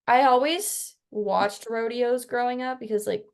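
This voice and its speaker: A woman's voice: on the high side, a little slow. A young adult woman co-hosting a podcast in casual chat, chatty with lots of filler words. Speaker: podcast co-host.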